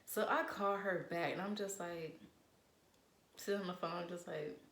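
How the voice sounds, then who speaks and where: A young woman in casual storytime chat, animated and profane, acting out what people said. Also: fairly low pitch, a little slow, echoey room. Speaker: vlogger.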